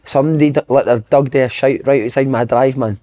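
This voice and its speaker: A man's voice: mid-range voice, steady tone, fast, mellow. A Scottish man hosting a podcast, talking in blunt, sweary casual banter and laughing often. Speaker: podcast host.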